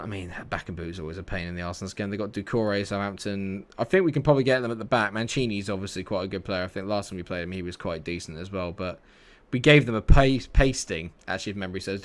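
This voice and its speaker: A young man giving live commentary on his football video game, sarcastic and exasperated, bursting into excited shouts. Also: medium pitch. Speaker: gaming commentator.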